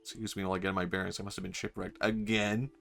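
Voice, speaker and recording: A man putting on a wistful little space captain who has been shipwrecked once again, speaking softly in an old-fashioned, formal way. His voice sits low, with a gravelly edge. Faint music plays behind. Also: flat delivery, fast. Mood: bemused.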